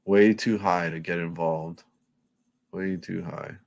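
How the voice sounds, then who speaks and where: A man with a fairly low voice chats loosely on a live stream. He curses freely and rambles, often breaking off and restarting his sentences. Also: steady tone, takes it slowly, gravelly, a little mellow. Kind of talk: casual live-stream chat.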